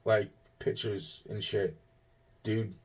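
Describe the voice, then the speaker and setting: A man's voice: fairly low pitch, level tone, takes it slowly, husky. A man, from Long Island, rambling through an agitated, profane personal monologue and often restarting his sentences. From Long Island, New York. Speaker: vlogger.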